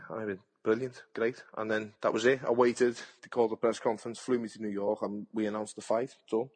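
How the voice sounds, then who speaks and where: Brief: man in his 30s, boxer, husky low voice, frank and salty. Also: little pitch movement, a little fast, few pauses. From Britain. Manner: frank and blunt, swears freely, acts out past conversations. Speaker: boxer, podcast guest. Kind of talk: casual interview chat.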